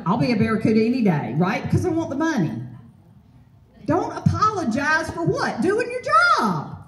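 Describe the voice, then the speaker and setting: Energetic woman trainer in an echoey hall. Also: high-pitched, a little fast. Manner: energetic, fill-in-the-blank rhetorical questions. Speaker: property management trainer and speaker. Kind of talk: motivational seminar talk. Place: event hall with an audience. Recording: roomy hall, voice from far off.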